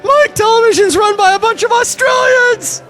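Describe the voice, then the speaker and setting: A man voicing an excitable male floor worker who shouts in a squeaky falsetto. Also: normal speed, faint music behind. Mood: excited.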